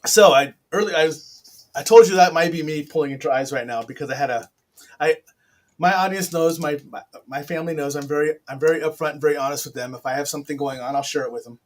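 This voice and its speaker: A man's voice: a little high, fast talker. A middle-aged man hosting a casual chat, telling a personal story in a rambling, upfront way with many restarts. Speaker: podcast host.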